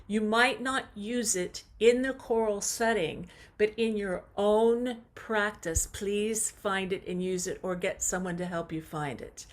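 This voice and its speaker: A woman leads a singing warm-up over a video call. She talks at an unhurried pace in a medium-pitched voice, coaching warmly and breaking into short sung examples. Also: steady tone. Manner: slow, encouraging coaching with sung demonstrations. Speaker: voice teacher. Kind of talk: online vocal warm-up lesson.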